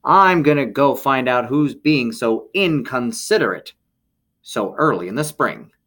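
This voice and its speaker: A man's voice: mid-range voice, expressive, unhurried, a bit bright, voice pushed up. A man voicing a grumpy, sleepy male possum in a picture-book reading, complaining about the noise. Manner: indignant, complaining.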